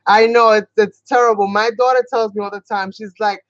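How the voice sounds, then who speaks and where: A talkative woman from New York with a Boston-sounding accent rambles cheerfully through a craft tutorial livestream. Her voice sits at a middling pitch and sounds close and dry. The recording is a little dull and muffled. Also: fairly even intonation, no echo. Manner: chatty, rambling, talks fast at times. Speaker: craft channel host.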